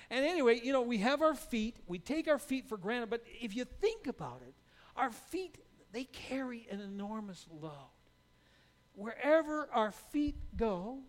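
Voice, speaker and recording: High-voiced man preaching conversationally. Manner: conversational, rhetorical "right?" asides, stammered restarts. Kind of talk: sermon.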